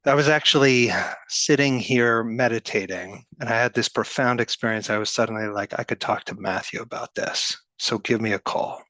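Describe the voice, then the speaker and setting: A man's voice: mid-range voice, moderate pace, hardly any pauses, pushed and bright, no echo, lightly acted. A man reading aloud a voicemail from an eager, rambling male friend who is a longtime meditator.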